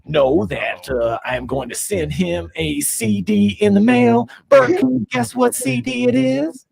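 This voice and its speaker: A man's voice: high-pitched, vocal fry, darkish tone, husky, pitched above the performer's own voice, heavily acted. A man voicing a teasing male virus character who drags out his words. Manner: drawn-out, teasing. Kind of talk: comedic character voice on podcast.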